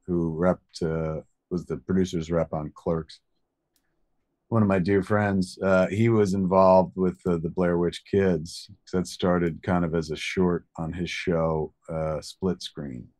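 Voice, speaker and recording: A man co-hosting a podcast, telling a long story in a rambling, profane, animated way. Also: low-pitched, slow. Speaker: podcast co-host. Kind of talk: casual storytelling chat.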